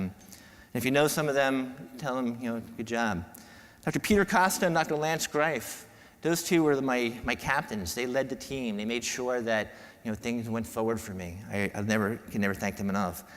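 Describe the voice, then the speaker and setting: A man gives a moving keynote to his peers, speaking from the heart with frequent restarts and repeated words. His voice sits in a middle pitch. The sound carries the long reverb of a large conference hall. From New York. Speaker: podiatrist giving a keynote talk. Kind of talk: emotional speech to a conference audience.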